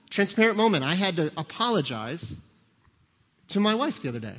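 A man preaching a sermon as a pastor, animated and acting out little scenes, sometimes shouting for emphasis. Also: sits high, fairly quick. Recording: long hall reverb.

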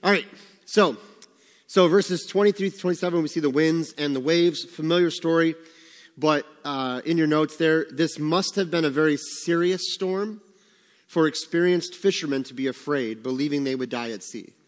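A man's voice: a little high, normal speed. Man teaching Bible study in a reverberant hall. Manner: conversational, asks the room questions.

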